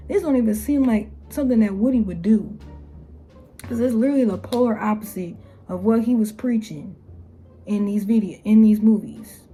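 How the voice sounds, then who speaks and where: A young woman ranting in a casual vlog, her voice mellow and soft-edged. She talks bluntly and with exasperation, full of slang, and jumps up into a higher voice to mock what others say. Faint music sits underneath. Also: expressive, normal speed, husky. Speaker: YouTuber.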